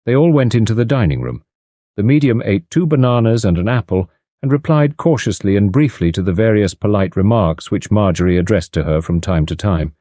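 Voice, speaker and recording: A man narrating an audiobook in an expressive reading style. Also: lowish voice, a little fast, no echo. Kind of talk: scripted narration. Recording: dry close studio sound.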